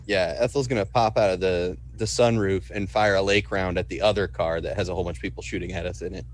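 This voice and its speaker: A man's voice: deep voice, steady tone, fast, slight background noise. A man playing a tabletop game, matter-of-factly stating his actions. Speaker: player.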